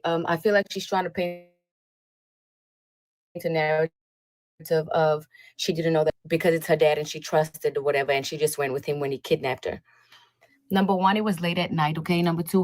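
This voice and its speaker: A woman's voice: low-pitched, fairly even intonation, moderate pace, darkish tone. Emphatic woman telling a family story. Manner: emphatic retelling that acts out other people's lines, addresses viewers as y'all. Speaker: storyteller in her own video. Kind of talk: casual storytelling vlog.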